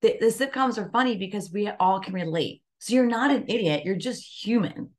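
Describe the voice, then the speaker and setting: On a podcast, a woman who works as a wellness coach chats conversationally about self-care in a brisk, mid-range, slightly mellow voice. Fillers like "like" and a frequent "right?" run through her talk.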